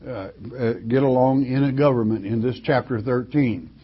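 An older man teaching from the Bible in a folksy, halting way, full of restarts and homespun asides. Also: medium pitch, slightly rough. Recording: dull lo-fi recording.

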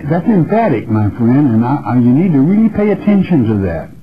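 A man's voice: medium pitch, very animated, brisk, phone-quality sound, crowd noise. A man teaching the Bible verse by verse on a radio broadcast, earnest and repetitive, calling the listener his friend. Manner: earnest, repeats phrases, addresses listener as friend. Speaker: preacher.

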